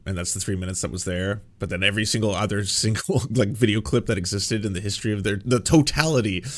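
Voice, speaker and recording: A man's voice: lowish voice, fast talker. A man hosting political reaction commentary, sarcastic, profane and exasperated as he responds to clips.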